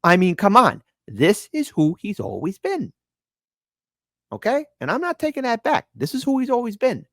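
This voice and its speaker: A man's voice: high voice, wildly swooping pitch, moderate pace, no room sound, studio quality. A male political commentary host, sarcastic and informal, who repeats his phrases for emphasis. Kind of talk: casual opinion commentary.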